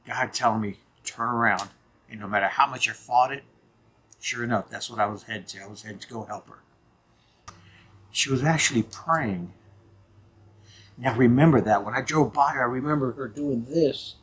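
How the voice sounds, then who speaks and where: A man's voice: mid-range voice, normal speed, pauses often, a bit bright, husky. A man in his fifties telling a personal story on his vlog in an earnest, emphatic way. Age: 50s. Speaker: channel host.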